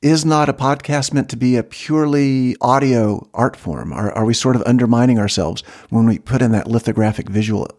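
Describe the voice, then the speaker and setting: A man's voice: medium pitch, fairly quick, hardly any pauses, darkish tone. A man co-hosting a comedy podcast, spinning absurd bits with a dry, mock-serious delivery. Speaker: podcast co-host. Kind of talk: comedic improvised podcast banter.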